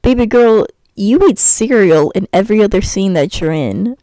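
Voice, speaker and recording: A woman's voice: medium pitch, expressive, moderate pace, warm tone, no echo, poor audio. A young woman ranting about a cartoon episode in a sassy, exasperated way, sighing often and stumbling over her words. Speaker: YouTuber reviewing a cartoon episode. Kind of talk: ranting commentary while gaming.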